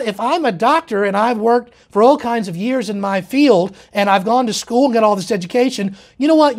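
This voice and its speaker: Guy lecturing hard, pushy and emphatic, voice jumps up and down a lot. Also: high-pitched. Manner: emphatic, insistent. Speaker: presenter. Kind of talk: political lecture.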